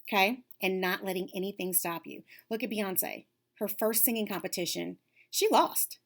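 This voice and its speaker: A woman's voice: medium pitch, steady tone, moderate pace, vocal fry. Upbeat woman coaching young girls. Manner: warm, upbeat, coaching, drops to whispers for emphasis. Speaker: lead facilitator for girls' self-esteem class. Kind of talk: encouraging talk to young girls.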